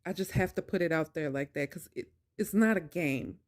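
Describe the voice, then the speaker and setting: A woman telling her own story to her viewers, speaking emphatically and sometimes preachily, then dropping into quieter, hesitant musing. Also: deep voice, brisk. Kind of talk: personal storytelling to camera.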